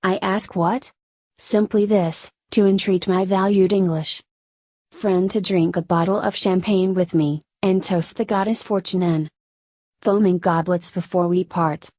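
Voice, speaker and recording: Hoarse old french army guy, gushing and pushy, a lady reading him, lowish voice, dry sound. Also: measured pace, no room sound. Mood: effusive. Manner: effusive, flattering, exclamatory. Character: flattering boisterous old male French ex-soldier. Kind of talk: audiobook character reading.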